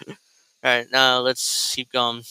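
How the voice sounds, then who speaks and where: A male host rambling through sarcastic, crude political reaction commentary. His voice is very bright and crisply clear, sitting a bit high for a man. The sound is dry and close. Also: monotone, takes it slowly, no room sound, low-quality recording.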